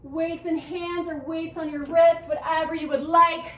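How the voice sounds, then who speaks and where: A woman's voice: very high voice, little pitch movement, a little slow, fairly bright tone. A young woman fitness instructor cueing a workout class, counting down reps in an upbeat coaching manner while a little out of breath. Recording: echoey room, mic at a distance.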